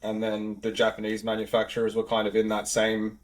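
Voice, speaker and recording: A man's voice: on the low side, monotone, brisk. A man in his thirties with an Australian accent, a podcast guest chatting casually about car repair work, with lots of "like" and "you know" fillers. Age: 30s. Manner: rambling, filler-heavy, easygoing. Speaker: podcast guest, auto technician. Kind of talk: casual chat.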